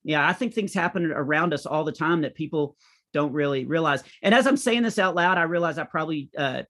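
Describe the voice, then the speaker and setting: Middle-aged male comedian, lively anecdotal delivery, slightly high-pitched voice. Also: brisk. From United States. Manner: animated anecdotal storytelling. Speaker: comedian and author guest. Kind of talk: conversational interview.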